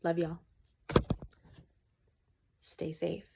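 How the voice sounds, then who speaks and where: A woman's voice: fairly low pitch, monotone, drawn-out words, gravelly, very noisy. Earnest woman ranting to camera at home. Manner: earnest and preachy, with frequent ums. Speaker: small content creator. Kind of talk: casual rant to camera.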